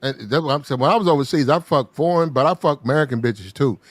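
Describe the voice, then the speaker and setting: A man telling a crude story in casual podcast talk, loud and animated, swearing and acting out the quotes. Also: medium pitch, quick pace, no room sound.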